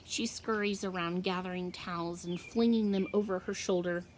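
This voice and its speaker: A woman teacher reading a novel aloud with slow, expressive storytelling. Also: fairly low pitch, a little hiss or hum.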